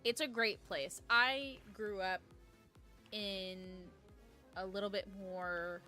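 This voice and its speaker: A woman's voice: medium pitch, takes it slowly, sharp tone, faint music behind. A woman from New York chatting casually with her audience while playing a game live, rambling and peppering her talk with "like". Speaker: streamer.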